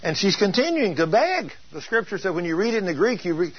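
Husky-voiced man preaching emphatically. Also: high voice, very animated, brisk, hardly any pauses, no echo. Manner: emphatic, asks rhetorical questions. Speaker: preacher teaching on healing. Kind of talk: sermon. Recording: dull lo-fi taped teaching.

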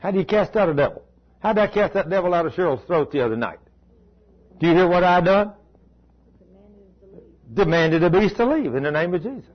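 A pastor preaching a sermon in a folksy, emphatic way that repeats key words, on a dull lo-fi recording. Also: male voice, high-pitched, animated, brisk, pauses often, husky. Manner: folksy storytelling, emphatic repetition.

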